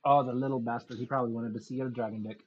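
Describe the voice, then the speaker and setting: A man's voice: mid-range voice, fairly even intonation, very fast, slight background noise. A man running a tabletop game as game master, crude and joking, with a sore throat from a cold. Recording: muffled lo-fi recording.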